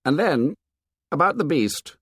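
A man's voice: fairly high pitch, big pitch swings, unhurried, slightly rough, no room sound, clean studio sound, voice pushed up, full character voice. A man voicing a bossy, self-assured schoolboy who gives orders to a group. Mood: commanding. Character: bossy, swaggering schoolboy leader.

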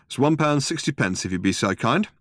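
A man's voice: mid-range voice, lively intonation, fairly quick, fairly bright tone, no room sound, pitched above the performer's own voice. Polite pub barman, deferential, dry close sound; read by a man.

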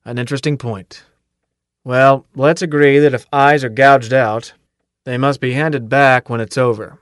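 A man's voice: mid-range voice, fairly even intonation, a little slow, clean tone, no echo, studio quality, lightly acted. A man voicing a tough, cocky male drill sergeant who barks and taunts his recruits in an audiobook. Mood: sardonic. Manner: barking, taunting commands.

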